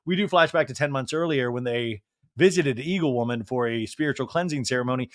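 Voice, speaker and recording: A man's voice: mid-range voice, a little fast, no room sound, clean studio sound. A male podcast host giving a comedic reality TV recap, mocking and profane.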